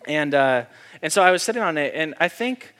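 A man's voice: a little high, animated, brisk, a bit bright. A man, a pastor, giving a conversational sermon, talking casually with lots of fillers and then breaking into sudden emphatic bursts.

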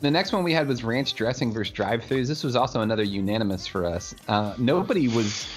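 A man in casual podcast chat, dry and joking as he talks. His pitch rises and falls with animation. Faint music plays in the background. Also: expressive, quick pace. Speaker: podcast co-host.

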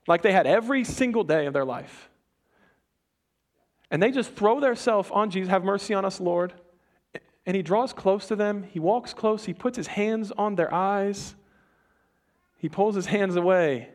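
A young adult man preaching a sermon to a congregation in a conversational, animated way, often restarting his sentences and acting out the people in the story. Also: high voice. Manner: conversational, animated, self-interrupting. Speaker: pastor. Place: church before a congregation.

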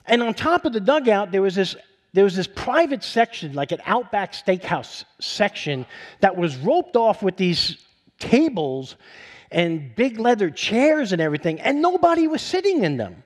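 A middle-aged male pastor preaching a sermon, telling a story with a voice that climbs when he gets excited. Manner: storytelling, voice rising high with excitement.

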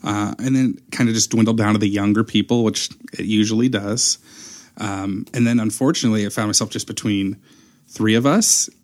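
Man, low pitch, animated storyteller, casual chat. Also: brisk. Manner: animated storyteller, acts out quotes.

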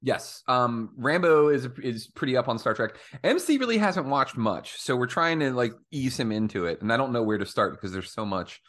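A man co-hosting a casual podcast chat, animated, laughing often and acting out quotes. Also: medium pitch, moderate pace, hardly any pauses. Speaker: podcast co-host.

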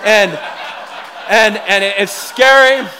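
Lively high-voiced male pastor. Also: slow pace, a faint crowd, a little hiss or hum. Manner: humorous storytelling, animated and self-deprecating. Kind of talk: sermon.

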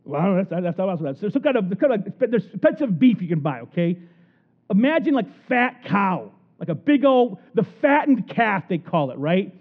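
A man preaching a sermon in an animated storytelling manner, acting out the people in the story. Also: high voice, moderate pace. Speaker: pastor. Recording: tinny phone-like recording.

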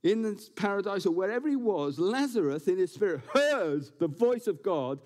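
Lively, joking male preacher in church. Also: high-pitched, normal speed. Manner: animated preaching with playful jokes and asides. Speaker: pastor. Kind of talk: sermon. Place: church building, before a congregation.

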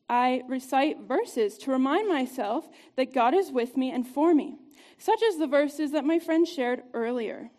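A woman giving an upbeat, conversational devotional talk to a group, chatty and quick to laugh. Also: high-pitched, darkish tone. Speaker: church teacher.

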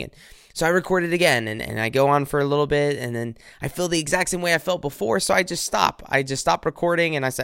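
A man hosting a devotional podcast from his living room, speaking earnestly and haltingly with frequent restarts. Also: fairly high pitch, vocal fry, fairly bright tone, clear, resonant tone, dry recording, studio quality. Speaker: podcast host.

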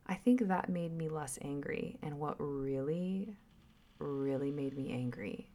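In a low voice, a woman who vlogs and is a mother talks through a casual, reflective monologue. She rambles and sometimes drifts into soft, whispered asides.

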